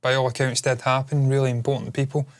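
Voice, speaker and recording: Scottish man, co-host, casual chat, blunt and sweary, joking, mid-pitched voice. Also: little pitch movement, fast. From Scotland.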